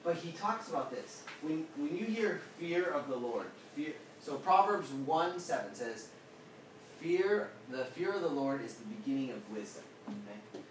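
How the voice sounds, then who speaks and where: A man's voice: a little high, unhurried, a little hiss or hum. A man teaching a small group from the Bible. He talks casually and questions his listeners, and he acts out quotes with big changes in his voice. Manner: animated, asks the room questions, acts out quotes. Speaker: pastor. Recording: echoey room, mic at a distance.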